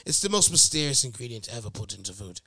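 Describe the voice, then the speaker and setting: A man co-hosting a comedy podcast, bantering loudly with lots of laughter and profanity. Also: medium pitch, big pitch swings, fast talker, vocal fry, slightly rough. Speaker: podcast co-host.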